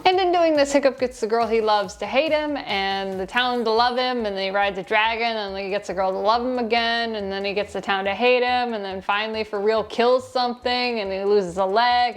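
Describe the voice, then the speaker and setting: Woman, movie reviewer, casual video review, sarcastic, rambling, lapel mic. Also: fairly high pitch. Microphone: lapel mic in shirt.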